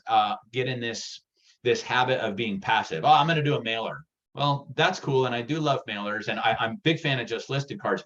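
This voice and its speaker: A man giving a real estate sales workshop, energetic and direct, getting worked up as he talks. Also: medium pitch, muffled recording. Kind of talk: workshop presentation.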